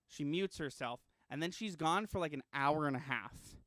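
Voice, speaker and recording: A man co-hosting a casual podcast, telling a story in an animated way with frequent ums and restarts. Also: a little high, moderate pace, no room sound, clean studio sound. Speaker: podcast co-host.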